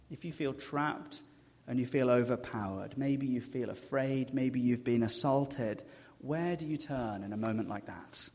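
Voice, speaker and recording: Pastor preaching in a reverberant hall. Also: male voice, medium pitch. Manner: animated storyteller, dropping to a hush for emphasis. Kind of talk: sermon.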